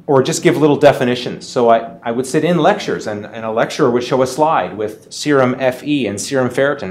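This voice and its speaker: A man's voice: medium pitch, darkish tone. A middle-aged man, a medical lecturer, talking casually on a panel, conversational with frequent restarts. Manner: conversational, frequent restarts and quoted student questions.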